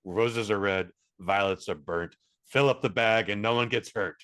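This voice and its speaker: Low-voiced wisecracking man. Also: a bit bright. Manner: wisecracking, drawn-out emphasis. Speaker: podcast co-host. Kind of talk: casual comedy chat.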